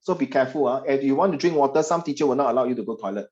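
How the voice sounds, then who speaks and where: A man's voice: medium pitch, very fast, a little mellow, muffled recording. A man with a Singaporean English accent, teaching a class over a video call, chatty and teasing. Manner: chatty, teasing, puts on voices of parents and students. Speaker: tutor.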